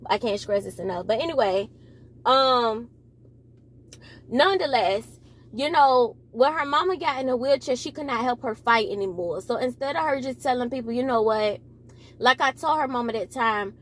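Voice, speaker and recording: A woman's voice: a little high, animated, normal speed. A young adult woman, rambling and correcting herself in a preachy commentary monologue. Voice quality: mild speech impediment. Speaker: commentary vlogger.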